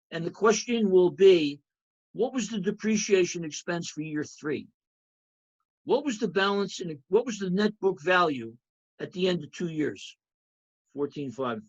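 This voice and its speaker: A man's voice: high voice, highs cut off. A man teaching an accounting review lecture, emphatic, repeating key points and checking in with students. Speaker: accounting instructor.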